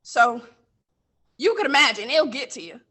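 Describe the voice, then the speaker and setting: A woman playing a blunt middle-aged man who runs a coastal mission, telling his story on stage and getting heated and loud. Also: high voice, lively intonation, normal speed, breathy edge, full character voice. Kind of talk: stage monologue from interviews.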